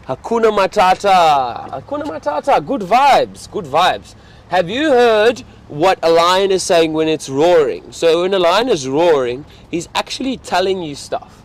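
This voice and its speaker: A man's voice: high voice, expressive, unhurried. Chatty South African man in a safari vehicle. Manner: chatty, reads out viewer comments. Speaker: safari guide livestreaming. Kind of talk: casual live-stream chat. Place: open safari vehicle outdoors at dusk.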